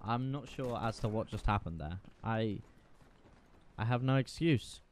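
A man giving casual, profane, excitable commentary while playing a shooter game. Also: on the low side, measured pace. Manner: profane, excitable, self-mocking. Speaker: gaming video creator.

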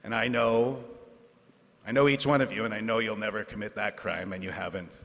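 A man, a teacher giving a graduation speech, earnest and self-deprecating, with asides and pauses for effect. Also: lowish voice, steady tone, a bit bright. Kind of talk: ceremonial speech. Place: large hall at a ceremony. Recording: hall reverb.

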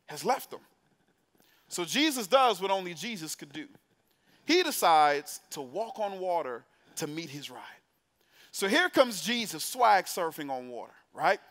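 A man's voice: high voice, fairly bright tone. A man preaching to young adults in a church, telling a story in a playful, conversational way and putting direct questions to the congregation. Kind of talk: storytelling sermon. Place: church sanctuary.

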